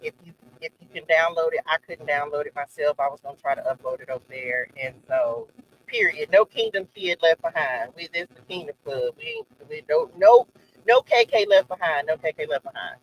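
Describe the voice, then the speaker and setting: A man hosts a faith-based live stream in a fairly high voice. His pitch swings widely as he talks. He is effusive and affectionate, repeating phrases as he thanks and reassures his guest. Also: wildly swooping pitch, a little fast, vocal fry, highs cut off. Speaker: host.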